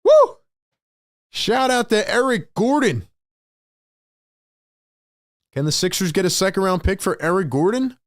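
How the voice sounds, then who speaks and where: Male sports streamer, higher voice, dry close mic, emotional, repeats himself for emphasis. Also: animated, a little slow, pauses often, no echo. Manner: emotional, swings between hyped shouting and frustrated muttering. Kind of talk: live play-by-play reaction stream.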